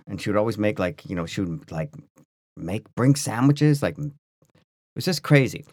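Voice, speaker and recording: A man with a very low voice tells a story on a podcast, loose and rambling, with lots of restarts and fillers. The sound is dry and close, with no room behind it. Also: moderate pace, no room sound. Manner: rambling, full of restarts and "like", animated. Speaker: podcast co-host. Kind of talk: casual storytelling chat.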